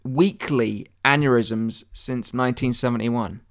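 A man's voice: medium pitch, steady tone, measured pace. Rambling mock-earnest male comic monologue. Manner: mock-earnest, rambling with stammered restarts, swearing. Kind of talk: deadpan satirical conspiracy monologue.

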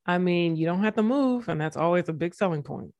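A woman's voice: on the low side, lively intonation, fairly quick, a little mellow. A woman co-hosting a casual sports podcast, chatty and digressive, joking as she goes. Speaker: podcast co-host.

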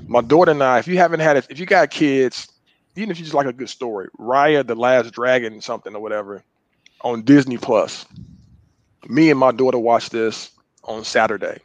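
A man's voice: medium pitch, fairly quick, no room sound, highs cut off. A man on a casual podcast, giving enthusiastic recommendations with slang. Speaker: podcast co-host. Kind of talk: casual chat among friends.

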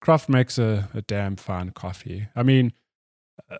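Laughing low-voiced podcast co-host, dry sound. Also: male voice, unhurried, a little mellow, no room sound. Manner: laughs often, rambling anecdotes. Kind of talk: casual chat.

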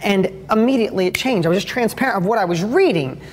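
A candid, emphatic woman host talks through her own slip-ups as a parent in a casual advice style. Her voice sits at a middling pitch and carries a long reverb tail, as if recorded in a large, echoing room. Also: animated, quick pace, slight background noise. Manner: candid, emphatic, self-critical.

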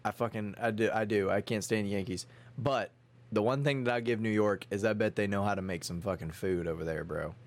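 A man's voice: fairly low pitch, a little fast. A young man from Texas in casual podcast chat, loose and emphatic, swearing and using slang freely.

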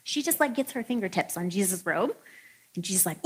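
A woman's voice: mid-range voice, lively intonation, a little fast, slightly rough. A woman preacher giving a casual, humorous sermon in a chatty, playful way, full of "like". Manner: chatty and playful, heavy use of "like".

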